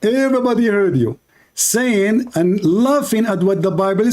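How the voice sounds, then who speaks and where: Combative male debate host with a high voice, interrupts and taunts. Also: animated, a little slow, a little mellow. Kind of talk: heated live-stream debate.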